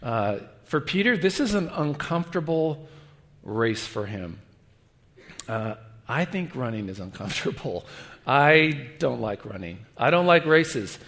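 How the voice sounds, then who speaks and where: A middle-aged guest pastor preaches in a large church hall, telling stories animatedly and dropping to a hush for his pleading lines. His voice is medium-pitched and his pace measured, with a long church reverb on the recording.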